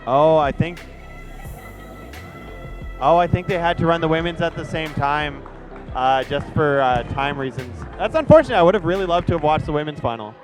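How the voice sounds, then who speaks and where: A man doing live play-by-play commentary, excitable and jokey. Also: a little high, normal speed, soft background music.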